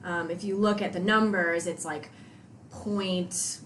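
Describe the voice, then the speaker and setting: A woman's voice: on the low side, slow, roomy sound, slight background noise. A woman guest on a podcast, chatting casually about her training and acting out the things she and her coach said. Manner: animated, acts out quoted exchanges. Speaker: podcast guest, CrossFit athlete. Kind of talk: casual conversational storytelling.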